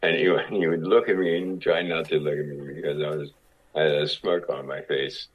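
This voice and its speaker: Very deep husky man telling stories. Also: fairly even intonation, brisk, muffled recording. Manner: acts out other people's lines while telling stories. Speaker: guest actor. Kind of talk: casual anecdotal storytelling.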